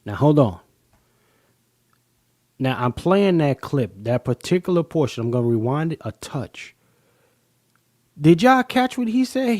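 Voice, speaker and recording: A man hosting a live-stream podcast, talking emphatically and slowly to his audience. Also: a little high, very animated, a little mellow, no room sound, clean studio sound. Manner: emphatic, drawn-out, addresses the chat as y'all. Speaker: podcast host.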